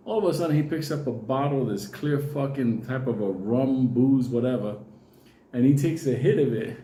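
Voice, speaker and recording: A man telling a profane, animated comic story, acting out the voices of the people in it. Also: medium pitch, normal speed, echoey room. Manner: animated, swears constantly, acts out voices.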